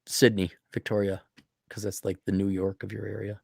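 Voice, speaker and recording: A middle-aged man hosting a livestream, reading viewer donations and ranting bluntly with profanity, frequent throat-clearing, and a voice that is giving out. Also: fairly low pitch, completely flat delivery, moderate pace, a little mellow. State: losing his voice. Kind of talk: blunt opinionated livestream rant.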